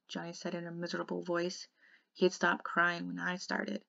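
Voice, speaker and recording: A woman reading a novel aloud in an expressive way, softening to a hush in the quiet passages. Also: fairly low pitch, normal speed, vocal fry. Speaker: audiobook reader. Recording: dull lo-fi recording.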